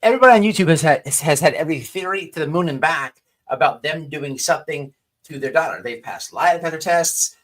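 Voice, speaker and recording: A man's voice: a little high, quick pace. A man hosting a livestream who talks in a rambling, profane way, full of restarts. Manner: rambling with many restarts and stammers. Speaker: livestream host. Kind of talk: casual profane commentary.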